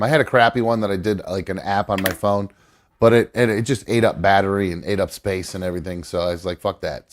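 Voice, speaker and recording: A middle-aged man hosting a live show, chatting loosely, rambling and swearing casually. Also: fairly low pitch. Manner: rambling, swears casually, coos at his dog. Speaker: podcast host. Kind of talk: casual live-stream chat.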